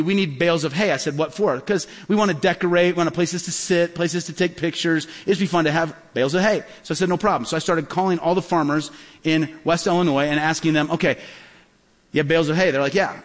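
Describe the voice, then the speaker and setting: A man preaching a sermon, with a high voice and a rapid, animated delivery. He tells stories and acts out each side of the dialogue. His voice rings out with a long reverb, as in a large church hall. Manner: animated, quick storyteller acting out dialogue. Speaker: pastor. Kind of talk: sermon storytelling.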